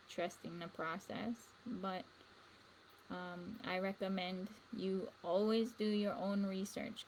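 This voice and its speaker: A woman's voice: mid-range voice, slight background noise, low-quality recording. A woman giving a rambling spiritual monologue, repeating words and trailing off into asides. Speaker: spiritual vlogger.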